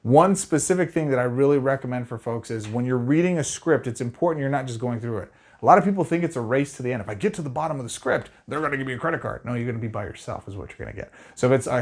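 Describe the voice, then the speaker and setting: A middle-aged man giving sales tips straight to the camera, energetic and conversational. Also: mid-range voice. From Arizona. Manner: energetic, conversational, fast-talking. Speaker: sales trainer.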